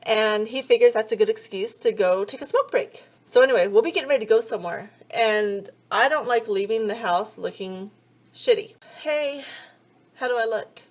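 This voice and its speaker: A woman's voice: medium pitch, a little fast. A woman in her thirties vlogging, telling funny stories in a chatty, sarcastic way, swearing freely and acting out both sides of each conversation. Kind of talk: casual comedic storytelling.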